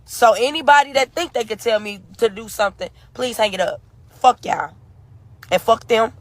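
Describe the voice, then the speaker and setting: A woman's voice: on the high side, expressive, moderate pace, no echo. A grieving woman ranting furiously in a live video, cursing and defiant, repeating herself. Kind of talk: angry profane rant.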